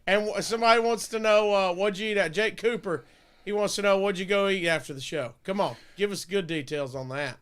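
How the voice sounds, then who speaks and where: A man with a high, smooth voice co-hosts a casual live stream. He reads out viewer comments and fires off quick questions. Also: a bit bright. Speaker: co-host.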